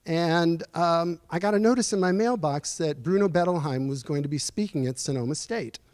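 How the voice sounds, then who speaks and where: A man in his sixties giving a personal storytelling lecture in a university auditorium, earnest and reflective, pausing as he speaks. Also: a little high, a little mellow, no echo. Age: 60s. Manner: earnest, reflective, halting with pauses. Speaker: guest speaker at a lecture series.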